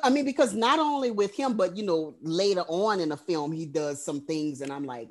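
A woman's voice: deep voice, expressive, normal speed, few pauses. A woman co-hosting a podcast, recapping a horror film in casual, profane storytelling. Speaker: podcast co-host.

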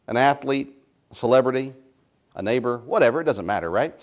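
A man's voice: medium pitch, animated, quick pace. A man preaching a sermon as pastor, speaking emphatically and building his points through repetition.

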